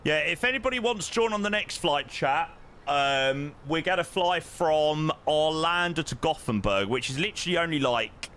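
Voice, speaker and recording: A young man streaming a flight simulator, chatting with viewers in an excitable, talkative way. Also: fairly high pitch, moderate pace. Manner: excitable, chatty, reacts loudly and greets viewers. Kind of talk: live-stream chat while playing a flight simulator.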